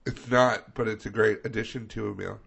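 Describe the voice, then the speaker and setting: A man's voice: fairly low pitch, fairly even intonation, brisk, creaky, fairly bright tone, slightly rough. A man co-hosting a comedy podcast who tells stories in casual chat, teasing and laughing. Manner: storytelling, teasing, laughs often. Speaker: podcast co-host.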